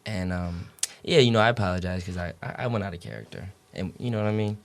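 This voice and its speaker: A man's voice: deep voice, animated, fast talker, creaky. A young man, a college basketball player as podcast guest, telling stories in rambling, slang-heavy speech full of swearing and fillers. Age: young adult. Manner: rambling slang, heavy swearing, many fillers like "you know what I'm saying". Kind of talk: casual interview chat.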